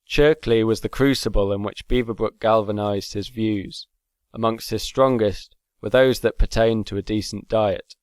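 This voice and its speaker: A man reading scripted documentary narration in a measured, formal manner. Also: on the low side, fairly even intonation, a little mellow, clean tone, no room sound.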